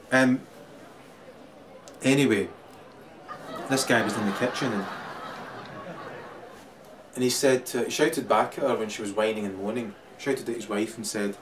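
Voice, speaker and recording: A man's voice: medium pitch, moderate pace, pauses often. A man with a Scottish accent in a rambling, crude monologue who keeps laughing as he talks. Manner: crude, laughs through his talk, swings loud and quiet. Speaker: vlogger. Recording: distant mic, loud crowd and noise.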